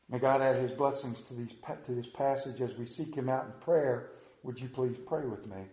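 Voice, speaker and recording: A man's voice: mid-range voice, fairly even intonation, moderate pace, darkish tone. A man pastor preaching a Sunday sermon, telling a story in a folksy way and reading scripture aloud. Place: church sanctuary. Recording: roomy church echo.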